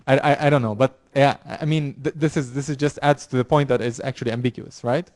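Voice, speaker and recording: A man's voice: mid-range voice, fairly even intonation, darkish tone, no room sound, studio quality. A man lecturing a university class, explaining with frequent fillers, repeated words and restarts. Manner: halting, many fillers and restarts. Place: lecture room.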